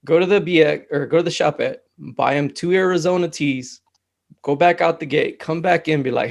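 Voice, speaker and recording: A man's voice: on the high side, steady tone, fairly quick, creaky. A man talking in a casual conversation, easygoing and rambling, with lots of fillers.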